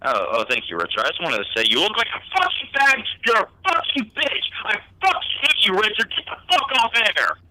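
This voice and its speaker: Guy calling in to prank the host, super bright voice, pitch all over the place, dry sound. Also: huge pitch swings, fairly quick, few pauses, no room sound, rough recording. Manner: abusive prank caller. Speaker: caller.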